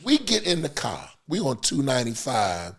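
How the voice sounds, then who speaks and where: A middle-aged man, a music business veteran, telling stories as a podcast guest in a lively, laughing, casual way. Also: mid-range voice, normal speed. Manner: lively, laughing storyteller with many fillers. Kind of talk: animated storytelling in casual chat.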